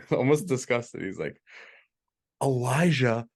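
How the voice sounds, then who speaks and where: A man's voice: fairly low pitch, fairly even intonation, normal speed, a little mellow, smooth. A man co-hosting a podcast, chatting casually and adding details to his wife's stories. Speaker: podcast co-host. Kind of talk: casual chat.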